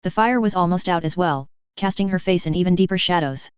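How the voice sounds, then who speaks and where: A woman reading a fantasy fan fiction story aloud in an even, steady manner. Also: on the low side, a little fast, few pauses, clear, resonant tone, dry recording. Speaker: narrator. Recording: slightly dull lo-fi dry.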